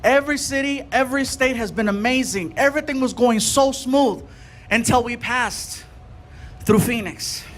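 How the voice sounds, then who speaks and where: Male stand-up storyteller, very high voice, animated delivery, noisy live stage sound. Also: normal speed. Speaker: stand-up comedian. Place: comedy stage before a live audience.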